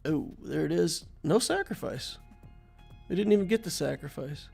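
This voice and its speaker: A man with a slightly higher voice and a gravelly, creaky edge talks through a game match in a relaxed, chatty way. He thinks out loud and speaks straight to the viewer. Soft music plays faintly underneath. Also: fairly quick. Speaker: game channel host. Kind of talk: casual gameplay commentary.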